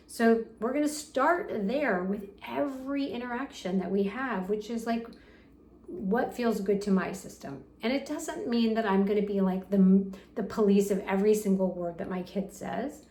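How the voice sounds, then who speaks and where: A middle-aged woman coaching parents in a gentle, soothing lesson, softly acting out the phrases she suggests. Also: medium pitch, moderate pace, roomy sound. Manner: gentle, soothing, acts out soft example phrases. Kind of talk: talking-head parenting lesson.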